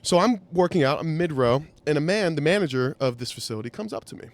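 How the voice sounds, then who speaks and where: Male podcast host, swooping lively delivery, wry and salty storyteller. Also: a little high, fast talker. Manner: animated, wry, profane. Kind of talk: storytelling anecdote.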